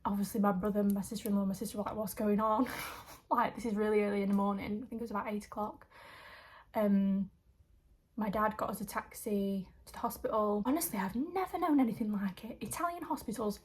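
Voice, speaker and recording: A woman's voice: medium pitch, a little mellow, husky. A young woman, vlogging in a rambling, emotional, casual way with lots of fillers. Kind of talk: casual chat.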